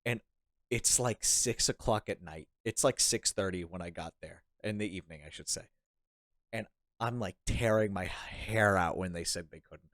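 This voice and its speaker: A young man with a deep voice, a podcast guest, tells a rambling story in a casual chat at a moderate pace. He's animated, laughs often, and acts out what people said. The sound is clean studio quality with no room sound.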